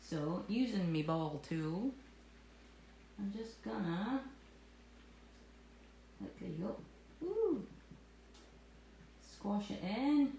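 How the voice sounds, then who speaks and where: A woman's voice: medium pitch, lively intonation, slow pace, vocal fry, long pauses, warm tone, a little hiss or hum. A woman teaching cake decorating in a live tutorial, chatty, jokey and self-mocking as she works. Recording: echoey room with faint ambience.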